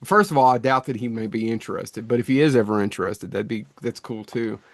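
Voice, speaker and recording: A man's voice: on the low side, fast talker, no echo. A middle-aged man co-hosting a podcast, talking in a rambling, self-deprecating way that often restarts mid-thought. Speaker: podcast co-host. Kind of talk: casual chat.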